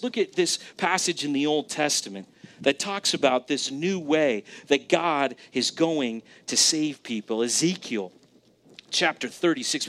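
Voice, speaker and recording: A man's voice: medium pitch, fairly bright tone. A man in his thirties preaching a sermon in church, conversational and emphatic, often asking the congregation questions. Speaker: pastor. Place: church sanctuary.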